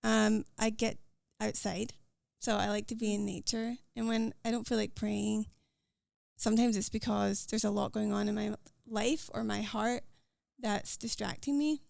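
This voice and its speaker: Fast-talking Scottish woman, gravelly edge. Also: medium pitch, steady tone, a little mellow, no room sound. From Scotland. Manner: quick, earnest talker. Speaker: podcast guest. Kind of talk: casual interview chat.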